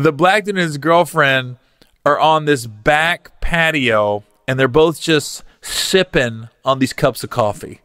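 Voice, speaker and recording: Male comic host, lively and swinging in pitch, bright tone, dry close sound, profane. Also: dry recording. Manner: animated, profane, laughs at his own stories. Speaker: podcast host. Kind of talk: comedic podcast storytelling.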